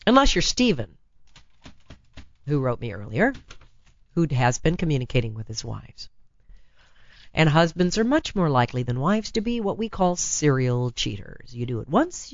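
Hoarse raspy woman radio host. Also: low-pitched, very animated, moderate pace, pauses often, dry recording, dull audio. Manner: chatty, blunt, teasing. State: hoarse from laryngitis. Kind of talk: talk radio advice monologue. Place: radio studio. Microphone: studio microphone.

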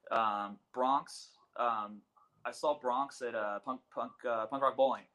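A man's voice: mid-range voice, steady tone, slow, sharp tone. A man in a band, guesting on a casual chat, enthusiastic and using "like" a lot.

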